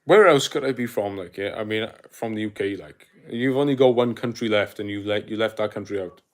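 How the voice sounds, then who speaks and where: A young man with a South Welsh accent chats loosely on a livestream, his voice sitting a little low. He rambles through fillers and restarts and laughs easily while reacting to comments. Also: a little fast. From Wales. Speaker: livestream host. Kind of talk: casual livestream chat reading comments.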